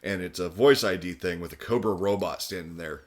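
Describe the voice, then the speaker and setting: A man's voice: low voice, a little fast, a little mellow. A man on a podcast casually recapping a cartoon episode, often laughing as he tells the plot. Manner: laughs through plot summaries and quotes. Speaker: podcast co-host.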